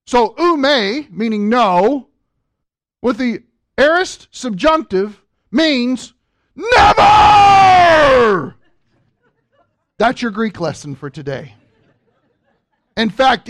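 A man's voice: very high voice, fairly bright tone. A man preaching a sermon, teaching a Bible passage with emphatic repetition and questions to the congregation.

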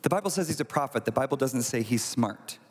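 A man preaching a sermon, retelling a scripture story in a conversational, animated way with acted asides. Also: mid-range voice, quick pace, a little hiss or hum. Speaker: pastor. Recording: long hall reverb.

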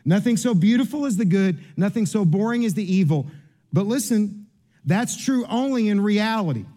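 A middle-aged male pastor with a high-pitched, mellow voice preaches a sermon full of humorous stories about himself. He mocks himself in funny asides and often repeats words as he restarts.

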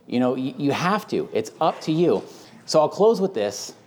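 A man's voice: a little high, big pitch swings, moderate pace, a little mellow. Emphatic conversational male Bible teacher. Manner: emphatic and conversational, with frequent fillers. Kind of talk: casual teaching chat.

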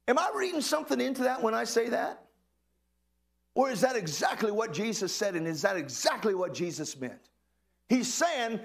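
A man's voice: extremely high pitch, big pitch swings, normal speed, gravelly. A male pastor preaching a sermon to a congregation, calling out questions and exclamations. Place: church hall with a congregation.

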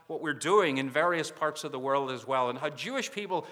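Brisk and lively in intonation, a man with a fairly high, somewhat bright voice pleads from the pulpit on behalf of a mission society. He earnestly and repeatedly asks listeners for prayer and support, and his words ring out with a long reverb.

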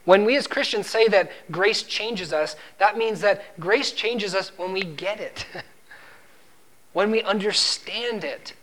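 In a slow, fairly bright voice, a man preaches with strong emphasis. He quotes scripture, dramatizes the servant's lines, and lifts his pitch and volume as he drives each point.

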